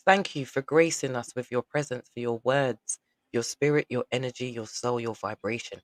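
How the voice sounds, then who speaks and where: A man's voice: medium pitch, normal speed, no echo, rough recording. A man hosting a live online show over a video call, effusive and repeating phrases for emphasis. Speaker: host.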